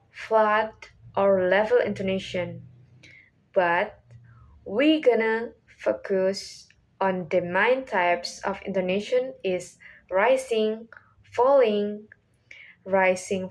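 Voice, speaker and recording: A young woman, a student, explaining a class topic slowly and carefully, with learner's phrasing and self-corrections. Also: mid-range voice, rough recording. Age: young adult. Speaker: student presenter.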